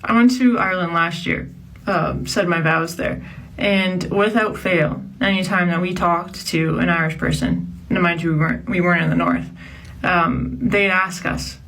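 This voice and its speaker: A young woman from Canada ranting in a casual vlog, animated and full of "like" fillers. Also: fairly low pitch, moderate pace, distant mic, rough recording.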